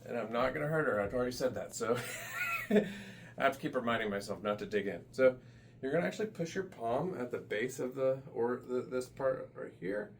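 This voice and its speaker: A man's voice: mid-range voice, lively intonation, brisk, creaky, slight background noise. A man working as a massage therapist, giving a casual hands-on demonstration with loose, chatty asides in a massage room. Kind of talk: hands-on instructional demo.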